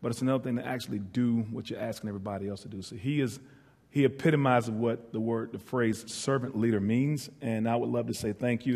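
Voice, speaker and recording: Earnest preacher in a reverberant church. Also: male voice, medium pitch. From northeastern North Carolina. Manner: earnest and heartfelt, with playful asides to the congregation. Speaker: guest preacher. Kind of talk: church sermon. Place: church sanctuary. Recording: hall reverb.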